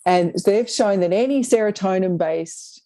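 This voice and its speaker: Woman co-host, mellow and laughing, telling comedy stories over a dry video-call line. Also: medium pitch, measured pace, no echo. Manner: chatty storyteller, laughs often. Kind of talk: casual comedic chat.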